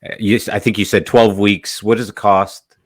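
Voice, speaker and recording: A man hosting a podcast, asking questions in a halting, hesitant way. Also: on the low side, level tone. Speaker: podcast host. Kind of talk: interview questions.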